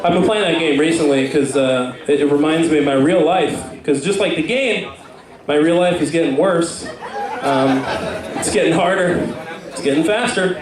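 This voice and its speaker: Self-mocking young comic in echoey club. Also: male voice, a little high, normal speed. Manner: rambling, self-mocking, lots of fillers. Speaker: stand-up comedian. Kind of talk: stand-up comedy set. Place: comedy club stage. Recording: echoey club, far from mic, crowd.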